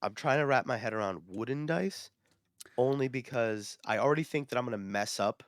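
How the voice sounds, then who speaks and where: A man co-hosting a podcast, telling stories in a rambling, animated way with lots of fillers. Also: medium pitch, brisk, no echo, studio quality. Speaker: podcast co-host. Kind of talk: casual chat.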